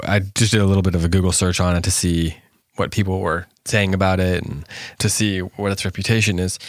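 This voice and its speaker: A man's voice: low-pitched, dry recording, clean studio sound. A man hosting a poetry podcast, reading a poem aloud and then talking it over in a reflective way, with fillers and restarts. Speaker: podcast host. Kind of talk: poetry reading and casual commentary.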